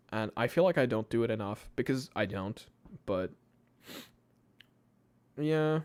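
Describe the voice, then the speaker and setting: A man's voice: fairly low pitch, a little mellow, no room sound. A tired man hosting a late-night live stream, chatting to his viewers in a rambling way with frequent laughs and restarts. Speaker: YouTube channel host. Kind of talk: casual live-stream chat.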